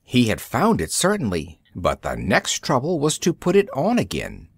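Man narrating a children's story, lively pitch. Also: moderate pace, vocal fry, husky, dry recording, clean studio sound. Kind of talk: storybook narration for English learners.

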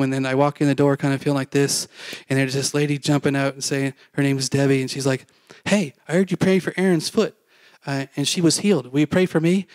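A man's voice: medium pitch, darkish tone, no echo. A middle-aged male pastor telling a personal story in a casual sermon, self-deprecating and acting out the dialogue.

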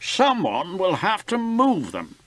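A haughty, huffy express engine in a storybook, as a man puts him on. He sniffs his words out with a lively rise and fall. He sounds like his business matters more than anyone's. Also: high-pitched, slow pace, dry recording, pitched above the performer's own voice, heavily acted. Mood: cross. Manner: huffy, snooty.

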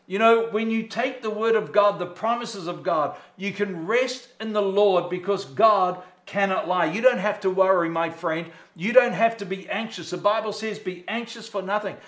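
Brief: emphatic pastor mid-sermon, high-pitched, reverberant sanctuary. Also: male voice. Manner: emphatic, rhetorical questions. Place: church sanctuary. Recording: echoey church sanctuary.

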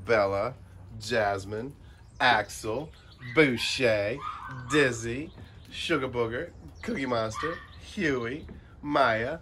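A man's voice: medium pitch, slow pace. A man at a dog sanctuary, talking in sing-song baby talk to his dogs as he walks among them, recorded outdoors on a phone. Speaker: animal sanctuary keeper. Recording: loud background noise from barking dogs. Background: dogs barking.

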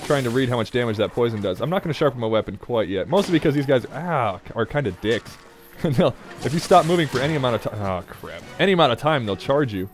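A man's voice: medium pitch, animated, fast talker, soft background music. A man giving joking, rambling commentary as he plays a video game. He talks back to the game, chuckles often, and wanders off on side remarks. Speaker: let's play gamer. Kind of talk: gameplay commentary.

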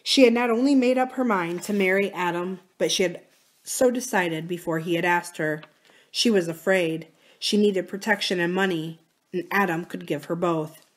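A woman's voice: fairly low pitch, moderate pace. Woman reading a novel aloud. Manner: calm, steady narration. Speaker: library book reader.

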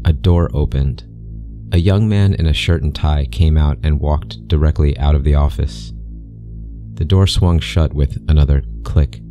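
A man narrating a scary story in a grave, deliberate scripted style. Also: very deep voice. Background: background music.

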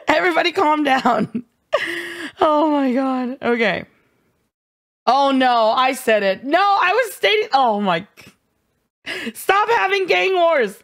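A woman's voice: high voice, expressive, takes it slowly, long pauses, a bit bright. A young woman streaming a game live, bubbly and giggly, with playful dramatic outbursts at her chat.

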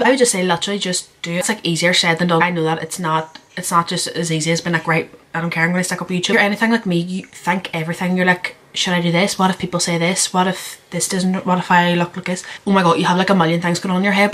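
Fairly low in pitch yet fairly bright, a young woman in her young adult years answers viewers' questions on her casual vlog as a YouTuber. She laughs at herself, stays chatty and candid, and rambles with many "like"s.

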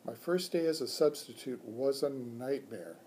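A man's voice: mid-range voice, animated, unhurried, mellow, a little hiss or hum, lightly acted. A man voicing a discouraged young male substitute teacher in a children's book read-aloud, talking in a weary, earnest way.

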